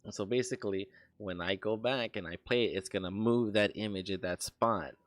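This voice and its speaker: A man's voice: lowish voice, brisk, no echo. A young man streaming while he works on an animation, chatting casually, rambling, laughing and swearing as he tells stories.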